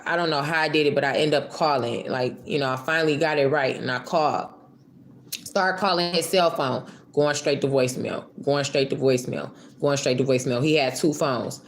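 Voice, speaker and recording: A woman's voice: low-pitched, slight background noise. A young woman from Michigan vlogging a casual storytime, rambling and emotional, swearing freely.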